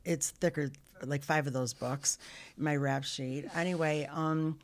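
A middle-aged woman, a podcast guest, telling her life story candidly, earnest and halting with frequent restarts. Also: low voice, fairly even intonation.

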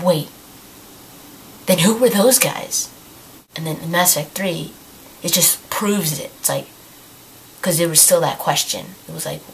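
A woman's voice: deep voice, creaky, a little hiss or hum, poor audio. A woman who is losing her voice, casually rambling about a video game as the host of her own channel and restarting her sentences often. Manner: rambling, thinking aloud with many restarts. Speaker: YouTube gaming channel host. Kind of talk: casual talk to camera.

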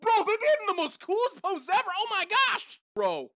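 A young gaming channel host reacting to a movie trailer, hyper and loud, shouting and laughing. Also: very high-pitched, huge pitch swings, moderate pace, gravelly, no room sound, studio quality. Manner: hyper, shouts and laughs, lots of "bro" and "oh my gosh".

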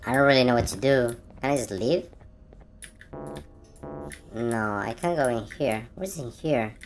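Woman playing a horror game, jumpy and gasping, slow talker, faint game music behind. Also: extremely low pitch. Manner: jumpy, easily frightened, gasping and exclaiming. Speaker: gaming channel host. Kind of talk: horror game let's play commentary. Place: own room at home.

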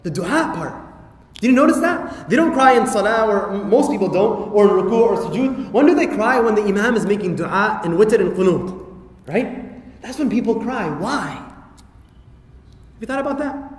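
A man giving a lively religious talk to an audience, full of rhetorical questions and playful asides. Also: sits high, moderate pace. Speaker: Islamic lecturer. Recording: echoey hall reverb.

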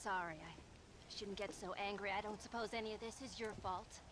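An actress voicing a calm, reassuring frontier woman in a western video game. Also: mid-range voice, moderate pace, lightly acted.

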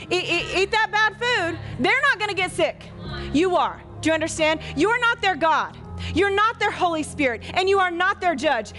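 A woman with a very high voice gives a live children's sermon in a church. She is lively and keeps asking the kids questions. Quiet music plays faintly behind her. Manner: animated, asks the kids questions and acts out quotes. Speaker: children's pastor. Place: church hall.

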